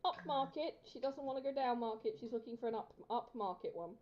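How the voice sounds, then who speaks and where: A woman's voice: fairly high pitch, fairly quick, warm tone. A woman playing a tabletop game, describing her character's actions in a casual, hesitant way. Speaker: player. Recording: dull lo-fi sound.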